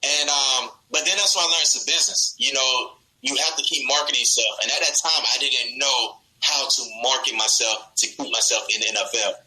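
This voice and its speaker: A young man, a football player, telling his story in a radio interview with animated laughter. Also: medium pitch, brisk, few pauses, poor audio.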